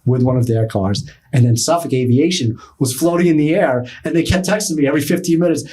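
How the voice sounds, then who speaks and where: A middle-aged man, telling a story as a podcast guest, animated and acting out other people's lines. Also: fairly high pitch, fast talker, husky. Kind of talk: storytelling in casual talk.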